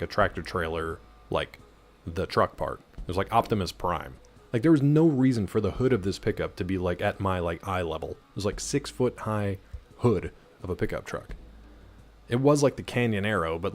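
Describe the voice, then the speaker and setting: A man casually commenting while playing a game, rambling through a story with lots of fillers. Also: fairly low pitch. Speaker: gaming streamer. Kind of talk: casual let's-play commentary.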